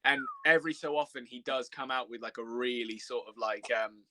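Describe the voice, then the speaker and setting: A man's voice: medium pitch, a little fast, bright, forceful tone, a little hiss or hum. A young man, chatting casually on a live stream, laughing often and rambling with restarts. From England.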